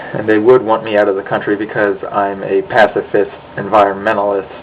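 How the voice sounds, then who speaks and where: A man's voice: on the low side, flat delivery, moderate pace, narrow, tinny audio, slight background noise. A young American man in a profane, angry rant to his webcam, sighing and swearing as he complains. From United States. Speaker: vlogger. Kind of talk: ranting monologue.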